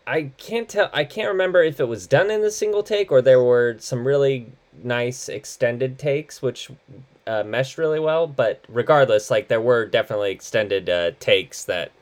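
A man co-hosting a casual movie podcast, relaxed, often laughing and swearing offhandedly. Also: medium pitch, moderate pace. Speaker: podcast co-host. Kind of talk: casual movie review chat.

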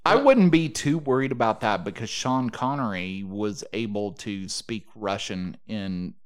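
A man's voice: on the low side, lively intonation, unhurried. A man co-hosting a podcast, joking and riffing in casual chat. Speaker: podcast co-host.

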